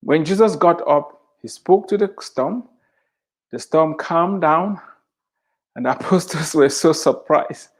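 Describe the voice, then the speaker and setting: A middle-aged man giving a devotional sermon, speaking emphatically and repeating scripture lines for emphasis. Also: a little high. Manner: slow, emphatic preaching with drawn-out phrases. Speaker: Christian author and speaker.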